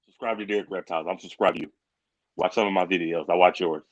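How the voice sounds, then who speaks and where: A man, co-hosting a live reptile stream in casual, excitable chat and calling people brother. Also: sits low, fast, no room sound. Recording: dull, dry lo-fi stream audio.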